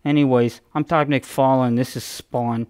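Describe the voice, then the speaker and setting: In a mock TV-intro impression, a man voices an awkward, lisping male comic creator who hosts dramatic intros, using a melodramatic announcer cadence full of urgent rhetorical questions. His natural voice is medium-pitched, fairly even in intonation, unhurried, a little mellow, and clear with a resonant tone.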